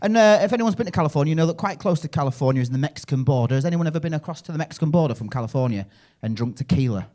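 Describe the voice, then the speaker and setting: A young man from England with a Yorkshire accent, doing a stand-up set at a comedy club and telling crude, rambling stories with loud act-outs. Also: on the high side, expressive, rapid-fire, few pauses.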